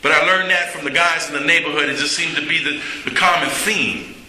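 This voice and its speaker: A man's voice: on the high side, brisk, pushed and bright. A middle-aged man telling his recovery story to a meeting in a plainspoken, candid way, with some humor. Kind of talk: personal recovery talk. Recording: echoey hall.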